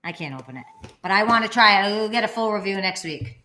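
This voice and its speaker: A woman's voice: mid-range voice, fast, slight background noise. A woman co-hosting a casual vlog, telling stories and acting out the people in them with a raised voice. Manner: animated, acts out quotes in raised voice. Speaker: vlog co-host. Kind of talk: casual storytelling chat. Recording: echoey room.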